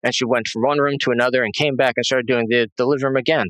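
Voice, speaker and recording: A man giving a halting, rambling personal testimony as an interview guest, full of fillers and restarts. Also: medium pitch, fairly even intonation, fairly bright tone, no room sound, rough recording.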